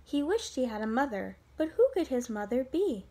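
A woman teacher reading a picture book aloud to children, in an expressive, sing-song way. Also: high voice, moderate pace.

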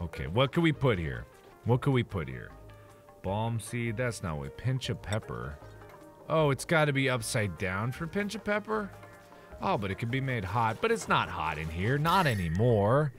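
A man hosting a let's play video, talking through the game as he plays. He is excitable and swings from loud squeals to muttered asides. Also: mid-range voice, moderate pace, long pauses, music in the background. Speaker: gaming channel host.

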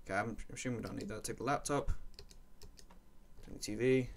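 A man commentating his own gameplay, muttering to himself and breaking into excited yelps. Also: mid-range voice, brisk, a little hiss or hum. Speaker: let's play gamer.

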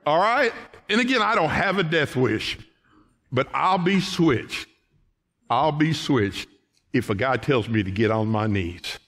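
A middle-aged man preaching a sermon in a church, folksy, calling the congregation folks, swinging from shouted lines to quiet ones. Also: medium pitch, lively intonation, measured pace. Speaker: pastor. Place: church sanctuary.

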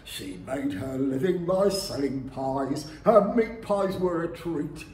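A man's voice: a little high, animated, slow pace, a little hiss or hum. Theatrical man performing a comic song. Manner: theatrical, with sudden shouted interjections. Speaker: folk club performer. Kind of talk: comic music-hall song, half sung, half spoken. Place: live folk club room. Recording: echoey room with faint ambience.

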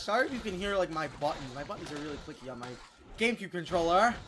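A gameplay YouTuber giving casual let's-play commentary in an excitable, chatty way, quick to exclaim. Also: medium pitch, a little hiss or hum.

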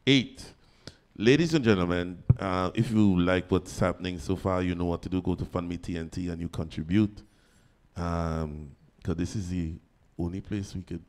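A man hosting a live online concert, chatty and joking, laughing often between announcements. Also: low-pitched. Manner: jokey, chatty, laughs easily.

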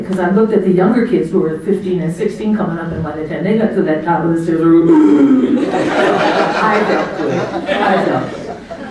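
At a party held in her honor in a hotel banquet room, a middle-aged woman with a low, dark-toned voice tells chatty stories, laughing a lot and acting out people's words. The recording comes from far away in the echoing hall.

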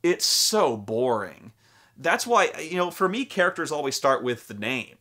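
Hosting a loose chat on tabletop role-playing games, a young man rambles, swears, and performs plenty of quotes. His voice sits a little high with big swings in pitch, and he speaks unhurriedly in a sharp tone.

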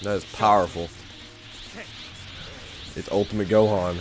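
A man hosting a let's play, chatting casually over gameplay with sudden loud frustrated outbursts. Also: on the low side, fairly even intonation, unhurried, music in the background.

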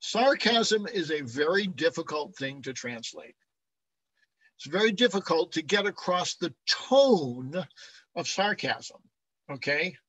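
A man's voice: fairly high pitch, big pitch swings, slow, a bit bright, no room sound, low-quality recording. A man giving a classroom lecture on Bible translation, often checking in with the class and chuckling as he explains.

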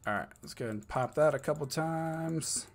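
Excitable man streaming a game. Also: fairly high pitch, brisk. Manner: excitable, swearing, muttering under breath. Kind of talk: live gameplay commentary.

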